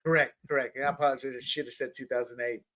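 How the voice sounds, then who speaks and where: A middle-aged man co-hosting a political talk show, animated and often repeating words as he builds a point. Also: mid-range voice, racing. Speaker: podcast co-host. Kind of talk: political commentary chat.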